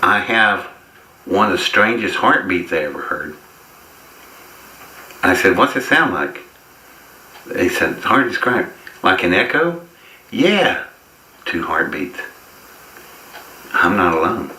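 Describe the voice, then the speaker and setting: A man's voice: low voice, big pitch swings, slow, long pauses, pushed and bright, reverberant, slight background noise, low-quality recording. A man guest in an interview, telling a long personal story in a folksy, wry way and chuckling at his own lines. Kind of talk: casual storytelling.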